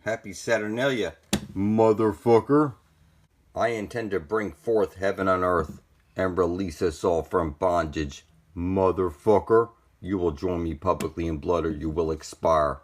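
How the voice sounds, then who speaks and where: A man's voice: low voice, a little slow. A man delivering a threatening, profane monologue as a channel host, taunting and contemptuous. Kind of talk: menacing monologue to camera.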